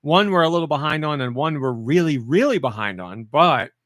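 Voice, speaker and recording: A man's voice: on the high side, lively intonation, fairly quick, a bit bright, dry recording. Playful man hosting a podcast. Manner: playful, reads chat comments aloud while eating. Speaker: podcast host. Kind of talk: casual podcast chat.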